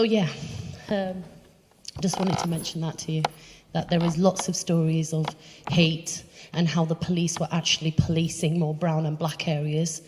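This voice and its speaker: Low-voiced woman speaker telling personal stories with lively acted-out voices, recorded live in a reverberant hall. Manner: animated storyteller, acts out others' voices. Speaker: charity chief executive giving a talk. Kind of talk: personal talk to an audience. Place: event hall, walking around away from the podium.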